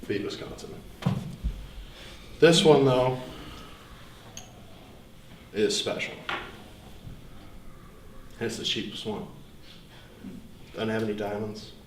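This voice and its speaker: A young man giving an earnest, reflective seminar speech with pauses. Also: on the low side, little pitch movement, a bit bright. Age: young adult. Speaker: student speaker. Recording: echoey room, distant mic, faint hiss.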